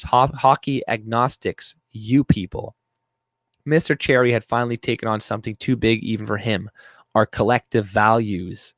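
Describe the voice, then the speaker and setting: A man's voice: medium pitch, no room sound, clean studio sound. A young man hosting a live stream, ranting profanely and reading his chat aloud. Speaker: livestream host. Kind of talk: casual live-stream commentary.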